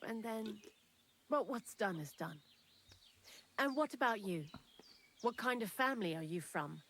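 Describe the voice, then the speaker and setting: In this game character dialogue, a woman plays a talkative young woman lying low in a thieves' lair, candid with a dry, morbid streak. Her mid-range voice has lively intonation, a measured pace and a fairly bright tone, over slight background noise.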